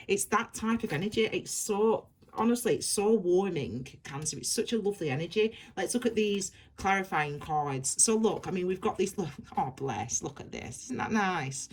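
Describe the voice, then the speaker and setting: A woman's voice: medium pitch, animated, normal speed, hardly any pauses, slight background noise. A woman giving a tarot reading, rambling and repeating herself as she gushes reassurance at her viewers. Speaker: tarot reader.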